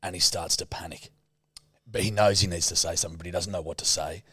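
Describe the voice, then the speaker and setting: A man's voice: deep voice, steady tone, fast talker, sharp tone, breathy edge, no room sound, studio quality. A man, hosting a podcast and telling a story in casual, profane, laughing chat. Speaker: podcast host.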